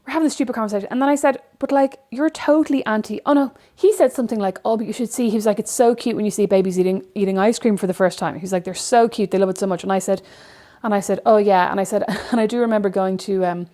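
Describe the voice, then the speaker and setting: A woman's voice: medium pitch, fast, hardly any pauses, warm tone. Irish woman in her 30s rambling through a story on her podcast, lots of likes. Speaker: podcast co-host. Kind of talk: casual chat.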